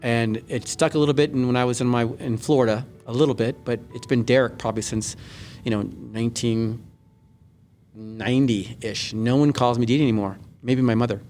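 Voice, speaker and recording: A middle-aged man, a guest on an interview show, telling a personal story earnestly with many pauses and restarts. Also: medium pitch, fairly even intonation, a little mellow, soft background music. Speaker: guest, Olympic speed skater. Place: large indoor skating arena.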